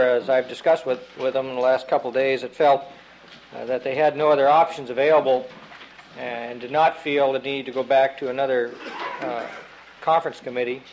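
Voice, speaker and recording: Halting male lawmaker on the floor. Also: mid-range voice, dull audio, slight background noise. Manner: halting and deliberate, many fillers and restarts. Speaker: state representative. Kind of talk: floor debate. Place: legislative chamber.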